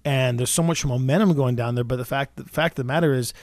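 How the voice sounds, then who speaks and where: Recorded in a clean, dry studio, a man in his forties with a mid-range, darkish voice hosts a radio talk show as a real estate agent. He talks fast, often restarting and repeating words.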